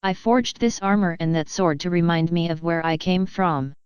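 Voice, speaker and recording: A regal pony princess with a warrior's past, formal and commanding in a storybook tale, as a woman reader puts her on. The voice sits on the low side, very smooth and clear. The recording is dry and dull, with a lo-fi muffle. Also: normal speed, a little mellow, no room sound, lightly acted. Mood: gentle.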